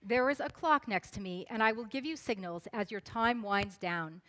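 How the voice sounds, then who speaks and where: A woman moderating a debate in a clear, measured, formal way, reading out the rules and questions. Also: mid-range voice, pushed and bright.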